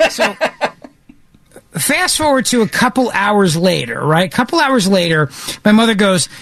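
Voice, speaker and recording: A man's voice: sits high, lively intonation, normal speed, a bit bright, no room sound. A middle-aged man hosting a casual chat show, telling a family story with playful mimicry. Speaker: podcast host.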